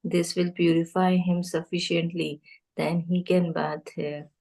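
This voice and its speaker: A woman's voice: on the low side, level tone, measured pace, vocal fry, a little mellow, poor audio. A woman reading aloud the lines of a stern, commanding male wind god in a storybook lesson.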